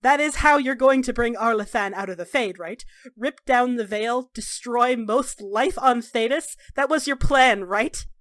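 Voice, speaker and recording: A woman voicing a volatile young elven mage man who shouts bitter accusations. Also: fairly high pitch, moderate pace, hardly any pauses, no echo, clean studio sound, lightly acted. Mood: accusing.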